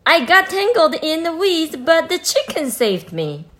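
A woman voices an eager young frog girl, sounding excited in an extremely high pitch well above her natural voice. The heavily acted performance has big pitch swings, a measured pace, and a fairly bright tone.

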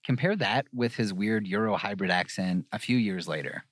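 A man co-hosting a podcast, reading scripted narration in a dry, measured way. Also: on the low side, dry recording. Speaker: podcast co-host.

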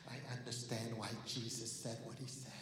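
A man's voice: medium pitch, little pitch movement, moderate pace, a bit bright. A man from Cambodia giving a sermon testimony as a guest missionary, telling his story and swelling into impassioned pleading. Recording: echoey church room.

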